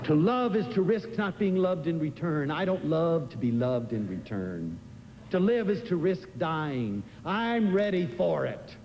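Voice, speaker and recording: An older man giving an inspirational lecture, telling stories in an animated, expressive way. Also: a little slow. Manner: expressive, animated storytelling with big swings in pitch. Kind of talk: inspirational lecture to a live audience. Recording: live lecture in a hall with faint room noise.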